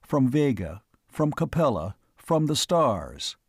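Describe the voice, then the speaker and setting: A man narrates a classic science fiction tale at a steady storytelling pace. His voice sits in an ordinary middle pitch. The recording is close and dry, with no room sound. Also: slow pace, breathy edge, no echo. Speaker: audiobook narrator. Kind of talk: scripted narration.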